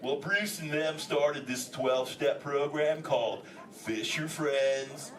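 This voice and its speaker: A man's voice: fairly high pitch, slow, far from the mic. An actor playing a laid-back male sea turtle who talks like a surfer dude, chatting with the audience in a live theme park show. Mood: laid-back, goofy. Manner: surfer slang, says "dude" constantly. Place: indoor theater with audience. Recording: echoey theater taped from the audience, crowd noise.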